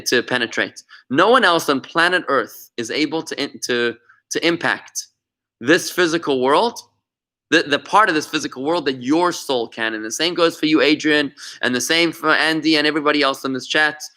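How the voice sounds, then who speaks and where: A man's voice: on the high side, sharp tone. A man, a rabbi, teaching an interactive class over a video call, telling stories animatedly and often repeating words as he goes. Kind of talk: interactive online lesson.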